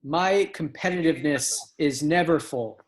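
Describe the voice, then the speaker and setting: A man's voice: on the high side, moderate pace. A man co-hosting a podcast, teasing and boasting in casual chat. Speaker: podcast co-host.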